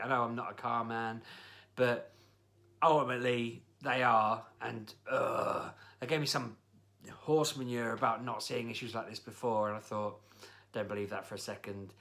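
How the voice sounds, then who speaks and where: A man's voice: mid-range voice, steady tone, moderate pace, pushed and bright. A man telling a casual, exasperated story, grumbling as he goes. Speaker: vlogger. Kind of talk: casual spoken rant.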